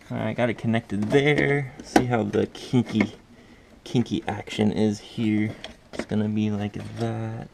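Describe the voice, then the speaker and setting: A man's voice: fairly low pitch, gravelly, background noise. A man talking casually through a car part install, muttering to himself and swearing while he works under the car. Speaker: car DIY vlogger.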